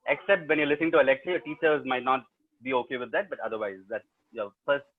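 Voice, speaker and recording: A man's voice: medium pitch, quick pace. A man with a South Indian accent, a professional storyteller, telling a story to an online audience in a playful, teasing way and talking straight to his listeners. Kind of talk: interactive storytelling webinar. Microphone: laptop mic over a video call. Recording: tinny video-call audio.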